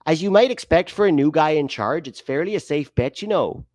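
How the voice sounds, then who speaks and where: A man hams up an over-the-top Canadian newsreader, his put-on accent sliding toward Irish as he goes. The delivery swings up and down in pitch. The sound is dry and close. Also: sing-song, normal speed, no echo. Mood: mock formal. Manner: exaggerated, self-mocking put-on accent drifting toward Irish. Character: mock Canadian man reading a sports article.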